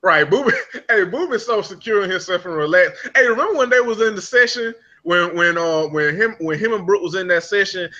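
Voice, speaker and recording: Bright-voiced man chatting in a lo-fi recording. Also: high-pitched, fairly quick. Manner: rambling, profane, laughs a lot. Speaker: podcast co-host. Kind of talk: casual reality-TV recap chat.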